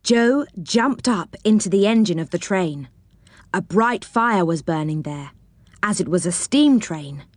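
A woman reading a children's storybook aloud with plenty of rise and fall in her voice. Her pitch sits in the middle range. The sound is close and dry with no room echo. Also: expressive, a little slow.

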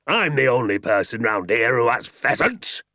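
A bellowing rich landowner, as a man puts him on, furious and bloated, roaring each word out slowly. The voice is loud, strained, pushed higher than a plain speaking voice, and the sound is dry and close. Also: big pitch swings, no room sound. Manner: bellowing, slow and spitting with rage.

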